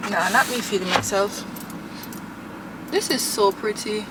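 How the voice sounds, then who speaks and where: A woman's voice: mid-range voice, measured pace, pauses often, background noise. A young woman, chatting and gushing to camera as a vlogger from her car. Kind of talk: casual chat to camera.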